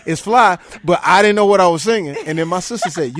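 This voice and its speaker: A man in his forties, a guest telling stories on a radio show with lively impressions and shouted punchlines. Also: sits high, fast, no room sound. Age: 40s. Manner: animated, does voices and shouts in his stories. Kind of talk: casual storytelling with impressions.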